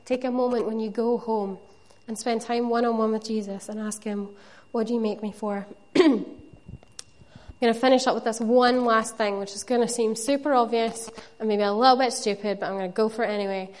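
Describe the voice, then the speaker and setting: Woman giving a sermon, slightly high voice, earnest and chatty with little jokes. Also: fairly even intonation, brisk, darkish tone. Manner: earnest, conversational, with playful asides. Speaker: preacher.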